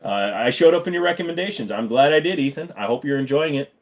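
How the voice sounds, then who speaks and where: A man's voice: mid-range voice, fast. A man hosting a casual live-stream Q&A, joking around and swearing freely while he answers chat. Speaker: livestream host.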